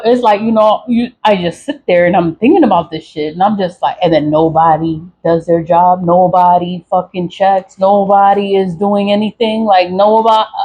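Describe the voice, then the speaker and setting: A woman's voice: fairly low pitch, highs cut off, slight background noise. A woman vlogger venting to camera in a profane, repetitive rant, with short laughs and sighs. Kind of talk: angry venting monologue to camera.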